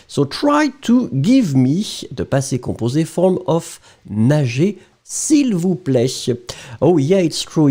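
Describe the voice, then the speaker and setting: Animated French-accented man teaching French. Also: a little high. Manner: playful, chatty, checks in often with "d'accord?" and "huh?". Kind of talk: live-streamed language lesson.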